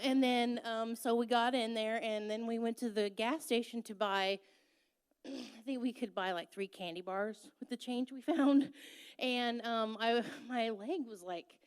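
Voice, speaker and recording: A woman's voice: fairly high pitch, clean tone. Young woman telling a candid story. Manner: candid, self-mocking, laughing. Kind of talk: personal storytelling.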